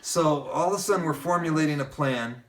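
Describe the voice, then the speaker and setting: A man's voice: a little high, brisk, far from the mic. A man telling a personal story in casual conversation, acting out what other people said along the way. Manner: lively narrator who keeps acting out quoted dialogue.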